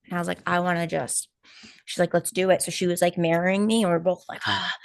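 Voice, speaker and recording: A woman co-hosting a live stream, telling a personal story in casual chat, animated and full of fillers and quoted asides. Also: lowish voice, quick pace, creaky, no room sound. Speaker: co-host of a spiritual healing live stream.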